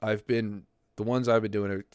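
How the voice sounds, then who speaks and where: A man's voice: fairly low pitch, little pitch movement, normal speed, a little mellow, clear, resonant tone, no room sound, studio quality. A man ranting casually on a livestream, rambling and swearing, laughing often and answering his chat. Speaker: streamer reading chat.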